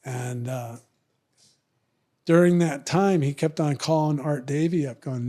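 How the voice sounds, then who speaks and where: A man's voice: fairly high pitch, measured pace, long pauses, warm tone. Older man telling a rambling story. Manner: rambling, jumps into voices of the people in his story. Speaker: podcast guest. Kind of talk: casual storytelling.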